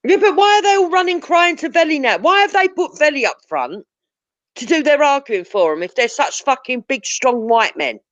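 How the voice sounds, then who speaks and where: A woman's voice: sits high, expressive, moderate pace, dry recording. A woman ranting bluntly and confrontationally, swearing heavily as a live-stream talk host. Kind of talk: heated profane rant. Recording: dull lo-fi audio.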